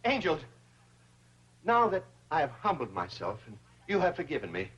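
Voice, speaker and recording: An actor playing a flustered, fawning banker who grovels in a theatrical way, on an old sitcom soundtrack. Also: male voice, a little high, huge pitch swings, normal speed, fairly bright tone, slightly rough, full character voice. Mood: pleading. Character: fawning, money-hungry middle-aged banker. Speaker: bank president. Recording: dull old TV soundtrack with hiss.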